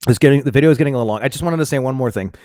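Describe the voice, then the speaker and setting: A man's voice: mid-range voice, rapid-fire, darkish tone, dry recording, clean studio sound. A man rambling to his viewers in a casual monologue, swearing, stumbling over restarts and fillers, and mocking himself as he goes. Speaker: vlogger.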